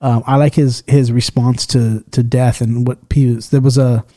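A man's voice: mid-range voice, flat delivery, normal speed, warm tone. A man hosting a podcast in casual chat, loose and swearing often as he tells stories and acts out the people in them. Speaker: podcast host.

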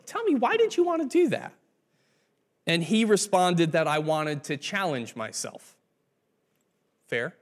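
A male pastor delivering a sermon in a relaxed, conversational storytelling way. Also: on the high side.

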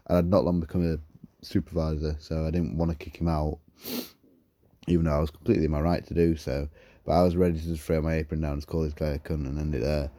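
A man's voice: a bass voice, steady tone, fairly quick, dark tone, no room sound. A man, co-hosting a podcast and frankly telling stories about customers, with plenty of swearing. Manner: frank, profane storytelling. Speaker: podcast co-host. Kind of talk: casual chat.

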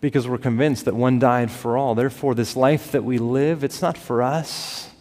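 A man preaching a sermon as pastor, building to emphatic peaks and dropping to soft, quiet lines. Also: medium pitch, steady tone, moderate pace. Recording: long reverb of a large hall.

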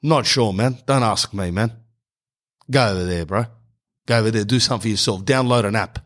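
A man voicing a lazy gym trainer who brushes off questions in a lower, offhand voice. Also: a little fast, fairly bright tone, natural voice. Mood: dismissive. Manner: dismissive, brushing off.

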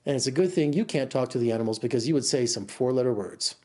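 A man's voice: medium pitch, fast talker, a little mellow. A middle-aged man reviewing a film in a casual, rambling way, exasperated and full of restarts. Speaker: film critic. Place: Las Vegas.

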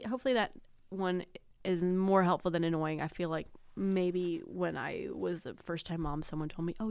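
A woman in her thirties talks through a casual podcast episode about baby sleep. Her voice sits a little low, and the recording is dry and close. She tells stories with animated quoted voices and frequent laughs. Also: no echo. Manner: chatty and animated, acts out quotes, laughs often.

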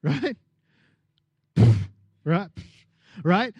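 High-voiced energetic man preaching. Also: moderate pace, no room sound. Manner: energetic preaching with call-and-response; acts out voices of people in the story. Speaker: pastor. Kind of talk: sermon.

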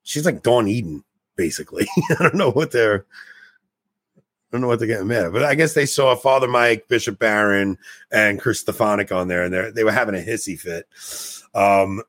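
A man's voice: fairly low pitch, normal speed, a bit bright, dry recording. A man hosting a podcast in casual chat, rambling and laughing at himself. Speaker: podcast host.

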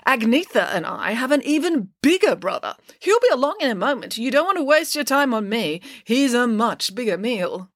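A very large, cowardly male pig who talks fast to save his own skin, as a woman reads him aloud. His pitch is lively and animated. The sound is close and dry. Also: no room sound. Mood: eager. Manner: quick and eager, talking himself out of danger.

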